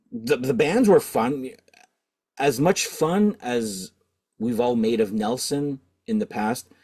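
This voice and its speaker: A man's voice: medium pitch, a little mellow. A middle-aged man from Canada, the host of a record-collecting channel, telling a rambling story with lots of fillers and restarts. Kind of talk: casual storytelling.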